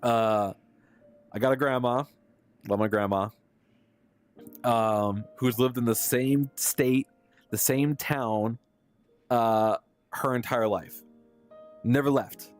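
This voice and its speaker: A man's voice: medium pitch, fairly even intonation, takes it slowly, long pauses, faint music behind. A young adult man, a live streamer, telling a story casually and with animation, laughing often and using lots of fillers.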